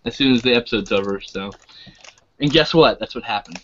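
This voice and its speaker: A man's voice: mid-range voice, a little fast, a bit bright, lo-fi sound, slight background noise. Crude, swearing man co-hosting a stream. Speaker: co-host. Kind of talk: casual live-stream chat.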